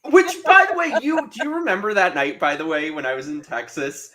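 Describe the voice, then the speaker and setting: A man's voice: high-pitched, a little fast, noisy background. A man appearing as guest co-host on a live show, talking casually with sarcastic, ranting energy. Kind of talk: casual live-stream chat.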